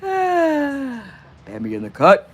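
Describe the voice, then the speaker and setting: A woman's voice: high-pitched, huge pitch swings, takes it slowly. A woman hosting a live stream in casual chat, blunt and profane, bantering with her viewers and laughing often. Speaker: livestream host.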